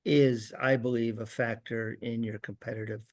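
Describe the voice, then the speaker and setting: A man advising a committee in a meeting, measured and explanatory. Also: mid-range voice, flat delivery, a little mellow, no echo. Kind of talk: meeting discussion.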